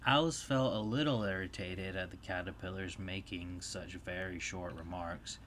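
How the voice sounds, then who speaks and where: A man narrating a read-aloud storybook in a steady, even way. His voice sits a little low for a man, with a faint hiss in the background. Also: normal speed.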